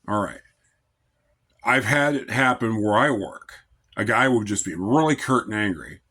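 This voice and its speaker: A man giving an informal devotional talk as a Christian lay speaker, in a calm, measured, conversational way. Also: lowish voice.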